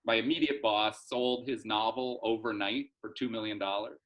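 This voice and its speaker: A man's voice: lowish voice, steady tone, normal speed, fairly bright tone, rough recording. A middle-aged man, a soap opera writer, chatting through a rambling story in a casual interview, full of fillers and restarts.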